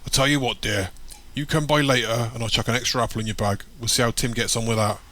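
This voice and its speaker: A man's voice: mid-range voice, fairly even intonation, fast talker, sharp tone, close to an everyday voice. A man voicing a big, hearty market trader who is jovial and friendly. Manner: jovial, friendly, calls people love and dear.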